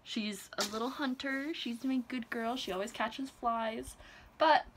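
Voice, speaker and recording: A woman's voice: fairly high pitch, a little slow, a little hiss or hum. A young woman chatting casually in a home vlog, playful and gushing, baby-talking to her pets. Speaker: vlogger.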